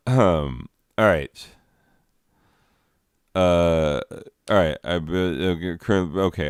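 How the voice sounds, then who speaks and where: A man with a low, smooth voice talking slowly through a loose comedy commentary. He rambles and sounds exasperated, leaning on "like" over and over. The sound is close and dry. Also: no echo. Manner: rambling, exasperated, lots of "like" fillers. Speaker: comedy commentator reading slides.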